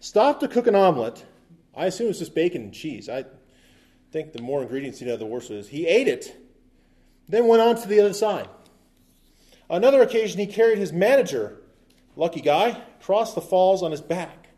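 A man's voice: sits high, expressive, a little fast, long pauses, warm tone. A man preaching a sermon as pastor, talking conversationally with asides and quips, and reading scripture aloud with emphasis.

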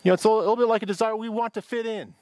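A man's voice: high voice, fairly even intonation, very fast, darkish tone, no echo. A middle-aged man from Michigan, preaching a sermon as pastor in a conversational, anecdotal way, often restarting his sentences.

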